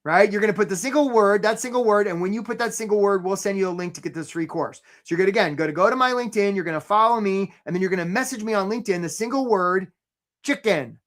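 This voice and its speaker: A man hosting a live career webinar, chatty and energetic, tagging his points with "right?" and calling out attendees by name. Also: high voice, quick pace, a little hiss or hum. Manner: chatty, rhetorical "right?" tags, shout-outs to attendees.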